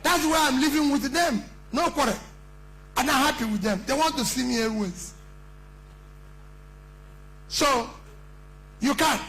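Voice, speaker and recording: A man's voice: very high voice, unhurried, pauses often, bright, forceful tone, slight background noise, rough recording. A middle-aged man with a Nigerian accent, giving an impassioned campaign speech at a conference, emphatic and full of rhetorical questions. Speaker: politician addressing a conference.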